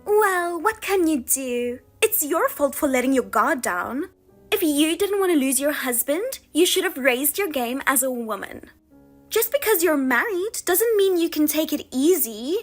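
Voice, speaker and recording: A woman's voice: high-pitched, big pitch swings, a little slow, faint music behind. A woman voicing a scheming younger sister who mocks and taunts in a sing-song way. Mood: smug.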